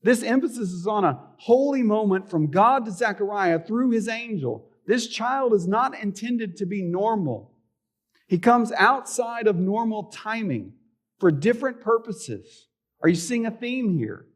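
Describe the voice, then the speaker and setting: Middle-aged male pastor, slightly high voice, chatty sermon delivery, rhetorical questions. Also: lively intonation, measured pace. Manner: conversational preaching with rhetorical questions. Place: church sanctuary.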